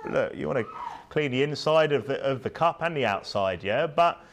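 A man preaching a sermon, rising to emphatic peaks and dropping low on tag questions. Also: lively intonation, normal speed, slight background noise.

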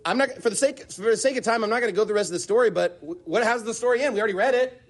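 A man delivers a sermon in a notably high voice. He preaches emphatically, stacking repeated phrases and leaning on rhetorical questions. Sarcastic asides sharpen his points. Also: racing, husky. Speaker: pastor.

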